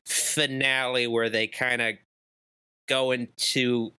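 A man's voice: mid-range voice, level tone, takes it slowly, sharp tone, smooth. A man chatting casually about a movie on a podcast, rambling and hedging with many fillers. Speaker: podcast co-host.

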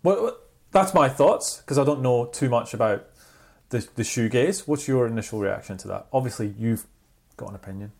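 Man, co-host, casual chat, animated storytelling, keeps asking "right?". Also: mid-range voice, moderate pace, creaky. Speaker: podcast co-host.

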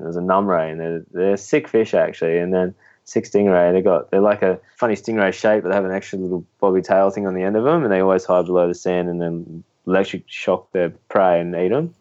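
A man's voice: sits low, level tone, a little fast, darkish tone. Laid-back Australian man, dull lo-fi audio. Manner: laid-back, rambling, laughs through his stories. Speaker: spearfishing guest. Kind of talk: casual storytelling in a podcast interview.

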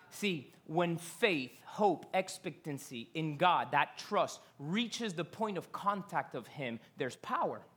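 A preacher delivering a sermon from a stage, telling the story in an animated way, full of rhetorical questions and casual slang. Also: medium pitch, slow, few pauses, slightly rough.

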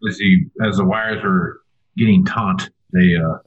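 Man, podcast panelist, very low husky voice, laid-back, matter-of-fact, dull lo-fi audio. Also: level tone, measured pace. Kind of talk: casual podcast chat.

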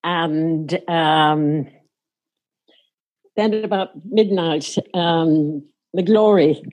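A woman's voice: low voice, drawn-out words, darkish tone, poor audio. An older woman recounting a story from her own past in a wry, amused way. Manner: wry, amused, laughs while telling. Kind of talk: casual spoken anecdote.

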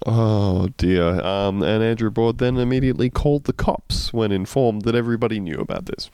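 A low-pitched man hosts a comedic news podcast. He reads articles aloud with wry asides and bursts of laughter. The recording is close and dry. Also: moderate pace, mellow, clean tone, no room sound. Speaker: podcast host.

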